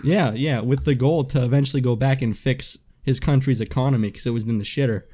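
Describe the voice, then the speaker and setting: Young guy on a podcast, crude, tells stories, medium pitch. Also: brisk, mellow. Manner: crude, storytelling. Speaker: podcast host. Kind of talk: casual chat.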